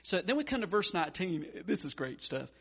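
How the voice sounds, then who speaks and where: Preaching a sermon, a male pastor stammers through frequent restarts and swings widely between loud urgency and hushed tenderness. His voice is high-pitched and sing-song, fairly quick, with a breathy edge.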